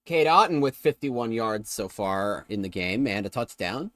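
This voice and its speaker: A man streaming himself calling a football video game play-by-play in a casual way, correcting himself and bursting with excitement on big plays. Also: lowish voice, normal speed, dry recording, studio quality.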